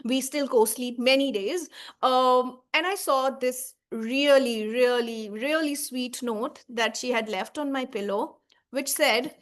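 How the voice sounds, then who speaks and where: A woman's voice: high voice, takes it slowly. A woman in her thirties, a baby sleep coach, giving a heartfelt talk to mothers, earnest and reassuring, often checking in with "right?" and "okay?". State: emotional, tearing up.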